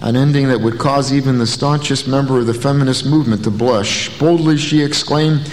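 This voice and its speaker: A pastor preaching a sermon, telling stories with a dry, folksy humor. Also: male voice, medium pitch, steady tone, a little fast. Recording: long reverb, faint noise.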